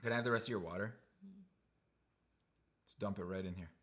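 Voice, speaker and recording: A man's voice: lowish voice, fairly quick, fairly bright tone. A man co-hosting a casual book livestream from home, speaking in an easygoing, joking way. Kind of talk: casual chat.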